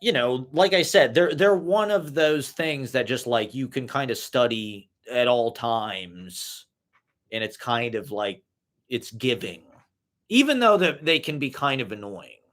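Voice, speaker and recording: This young vlogger speaks in a mid-range, expressive, unhurried voice with a somewhat bright tone. His casual monologue is loose and profane, heavy on "like" and "you know" fillers.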